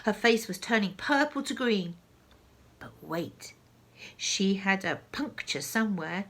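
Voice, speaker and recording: A woman reading a children's story aloud, with slow, expressive delivery and hushed asides. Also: medium pitch.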